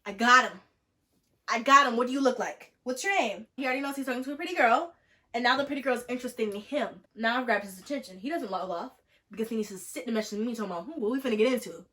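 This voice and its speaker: Fast-talking animated woman in her twenties. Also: on the high side. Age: 20s. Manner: animated, jokey, acting out text exchanges. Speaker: vlogger. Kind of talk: casual storytime vlog.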